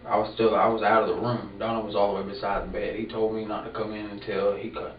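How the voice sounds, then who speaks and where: Man, halting suspect voice, low and flat, on distant, dull archival room tape with faint hiss. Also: echoey room. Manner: hesitant, halting, repeats himself. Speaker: suspect being interrogated. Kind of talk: police interrogation. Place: interrogation room.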